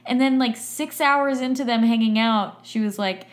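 A young woman co-hosting a casual podcast, chatting and reading out strange facts in an animated way. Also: mid-range voice, normal speed, hardly any pauses. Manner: animated, reads facts aloud, jumps into voices. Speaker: podcast co-host. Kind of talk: casual chat.

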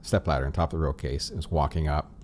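Male host, very deep voice, casual and halting, faint hiss on the recording. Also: darkish tone. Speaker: podcast host. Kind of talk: casual interview chat.

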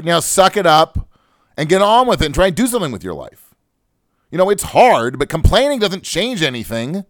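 A man's voice: on the high side, very animated, moderate pace, a bit bright, no echo, clean studio sound. A man hosting a financial radio show, ranting with jokes and fired-up emphasis. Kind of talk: comic talk-radio rant. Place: radio studio.

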